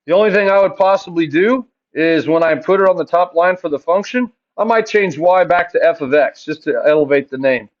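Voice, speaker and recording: A man's voice: fairly high pitch, dull audio. A man teaching a math class, chatty and joking, asking his students questions and answering them himself.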